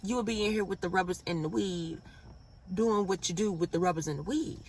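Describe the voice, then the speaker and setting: A young woman vlogger telling a storytime in a casual, animated and profane way. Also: fairly low pitch, brisk, slightly rough, far from the mic. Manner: animated, blunt and profane, laughs at her own story.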